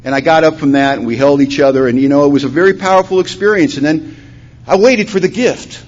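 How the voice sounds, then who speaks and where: At a conference, a man from Washington state, USA, gives a personal testimony about his recovery, speaking fast in a mid-range voice. He acts out the dialogue, his voice swelling loud and then dropping to a hush. The hall recording is dull and lo-fi, with a faint hum.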